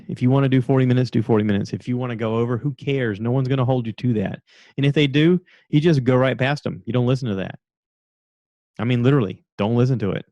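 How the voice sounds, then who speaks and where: A man of middle pitch talks through a podcast monologue, loose and chatty. He jumps into the voices of the people in his story and laughs at himself, and the sound is close and dry. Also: darkish tone, dry recording. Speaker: podcast host. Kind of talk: casual solo podcast monologue.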